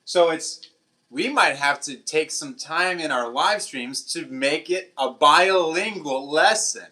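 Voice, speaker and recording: Bright-voiced man chatting on a livestream. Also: on the high side, lively intonation, takes it slowly. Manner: chatty, laughs often, switches between English and Portuguese. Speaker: livestream host. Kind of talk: casual chat with live chat.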